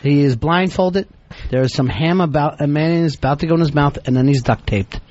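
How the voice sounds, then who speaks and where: Sarcastic male radio host, higher voice, dull lo-fi sound. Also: a little fast, a little mellow. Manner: dry sarcastic, directing the stunt. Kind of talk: casual radio banter.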